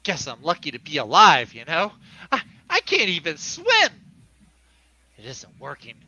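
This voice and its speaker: A man's voice: fairly high pitch, wildly swooping pitch, measured pace, bright, forceful tone, no room sound. A man reading a comic aloud, voicing a flustered young photographer in a jokey way. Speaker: comic reader. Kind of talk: comic read-along, voicing a character.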